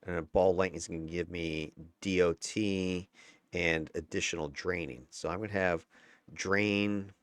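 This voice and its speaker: Very deep-voiced man breaking down gameplay. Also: steady tone, measured pace, no room sound. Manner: chatty and candid, chuckling, mild swearing. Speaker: gameplay commentator. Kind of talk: casual gameplay breakdown commentary.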